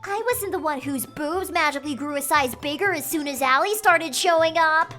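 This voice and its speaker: Play a snippy, mocking little teen girl, very high and bright, a woman putting it on. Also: normal speed, faint music behind. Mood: bratty taunting. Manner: snappy, mocking.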